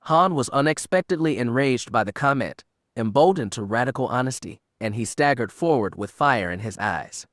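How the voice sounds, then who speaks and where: A man's voice: medium pitch, lively intonation, normal speed, a bit bright, dry recording. Man narrating an audiobook in a dry, close recording.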